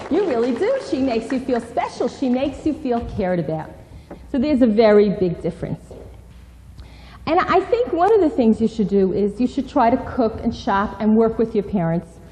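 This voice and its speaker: A woman lectures young people on respect for parents, in an animated, instructive way. Her voice is fairly high and very lively, with a mellow tone. A long hall reverb trails behind her. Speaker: parenting speaker. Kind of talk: lecture with role-play.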